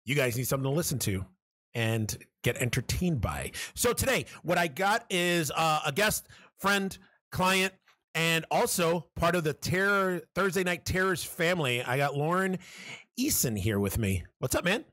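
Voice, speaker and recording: A man's voice: fairly high pitch, expressive, moderate pace, a bit bright, no echo, clean studio sound. A man hosting a horror podcast, chatting loosely and joking, with many fillers. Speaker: podcast host. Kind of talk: casual podcast chat.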